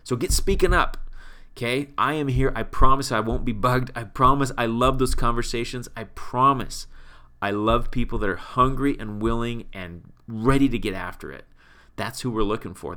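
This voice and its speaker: A man leading his sales team in an energetic, emphatic motivational talk. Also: mid-range voice. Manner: energetic, emphatic, repeats for punch. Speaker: team leader and sales trainer.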